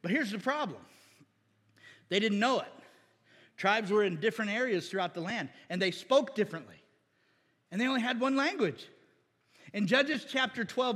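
A man's voice: high-pitched, fairly bright tone, slightly rough. A male preacher giving a folksy, conversational sermon, often asking the congregation questions. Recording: long hall reverb.

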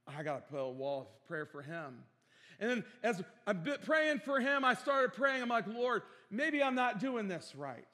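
A man's voice: high voice, sing-song, normal speed, bright, forceful tone. A male pastor preaching earnestly, repeating phrases for emphasis and calling out for amens. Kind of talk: sermon. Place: church sanctuary. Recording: long hall reverb in a church.

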